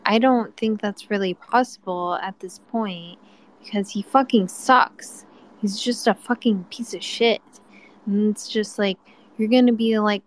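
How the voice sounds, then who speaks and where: A woman's voice: mid-range voice, poor audio. A woman calling into a live chat room, ranting angrily and swearing heavily. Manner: angry, heavy swearing. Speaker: caller. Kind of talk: heated rant.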